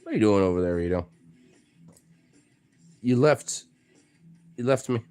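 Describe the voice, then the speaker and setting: A man's voice: lowish voice, lively intonation, a little slow, a little mellow, clean tone, soft background music. A young man streaming casually from home, cooing baby talk at his pets and swearing freely. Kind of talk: casual live-stream chat.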